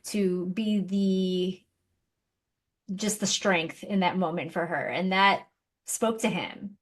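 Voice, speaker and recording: A woman's voice: lowish voice, takes it slowly. A woman hosting a podcast who checks her understanding with a careful follow-up question to her guest. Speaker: podcast host. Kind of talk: interviewing.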